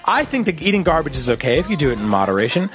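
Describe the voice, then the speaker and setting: A man's voice: fairly high pitch, big pitch swings, racing, over music. A man co-hosting a comedy podcast, riffing absurd bits with swearing and laughing through his sentences. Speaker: podcast co-host.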